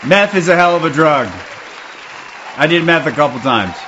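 Male streamer, higher than usual voice, loose profane storytelling to chat; lo-fi dull audio with a faint crowd murmur. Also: animated, normal speed, noisy background. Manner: rambling, profane, laughs often. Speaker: livestreamer. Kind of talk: casual storytelling to a live chat.

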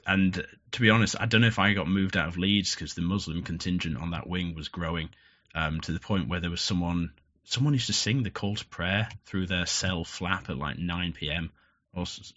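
Blunt guest, very low voice with a forceful edge, muffled lo-fi audio. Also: male voice. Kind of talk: casual interview.

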